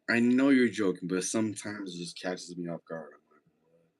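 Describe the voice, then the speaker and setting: Deep-voiced and moderately paced, this man hosts a relaxed livestream, reading out chat messages, joking around, and talking with his viewers.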